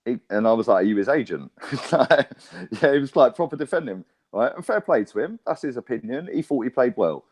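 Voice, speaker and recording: A man's voice: mid-range voice, sing-song, moderate pace, hardly any pauses, a little mellow, slightly rough. Blunt young man. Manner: blunt, emphatic, swearing. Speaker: football fan show guest host. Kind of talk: casual chat.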